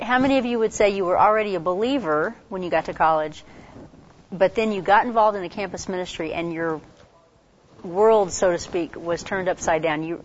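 A woman with a congested voice giving a casual workshop talk on campus ministry, chatty and quick, full of fillers and restarts. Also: fairly low pitch, a little hiss or hum. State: congested from a cold. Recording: dull lo-fi recording.

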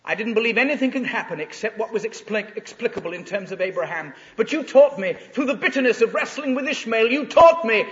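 A man's voice: high voice, expressive, brisk, few pauses, a bit bright. A man preaching in the voice of the patriarch Abraham, praying fervently and emphatically in an echoing hall. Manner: fervent first-person prayer, emphatic. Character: anguished aged patriarch Abraham, torn but resolved. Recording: echoey hall, dull lo-fi sound.

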